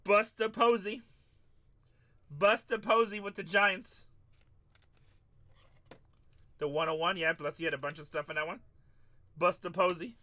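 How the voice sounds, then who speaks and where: A man hosts a live card break stream, calling out each player as it comes and chatting with viewers between pulls. His voice sits high and sounds very bright and forceful. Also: normal speed. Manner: hyped, calls out pulls and chats with viewers.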